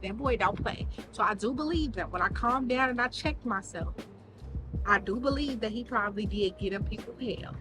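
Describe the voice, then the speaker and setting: A woman vlogger telling a story in a casual, animated way, full of slang and swearing. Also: on the high side, normal speed, music in the background, poor audio.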